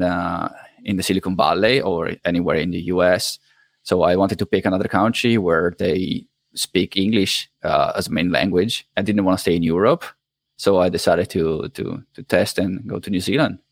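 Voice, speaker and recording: Deep-voiced Italian man, halting speech. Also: gravelly, no echo. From Italy. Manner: halting, with many restarts. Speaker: guest. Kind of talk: casual interview chat.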